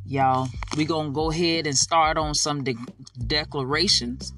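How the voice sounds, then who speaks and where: A podcast host leading spoken prayer and faith declarations. They talk with fervor, repeat each declaration slowly for listeners to echo, and drop into folksy, informal asides between prayers. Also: medium pitch, fairly even intonation, a bit bright, distant mic, soft background music.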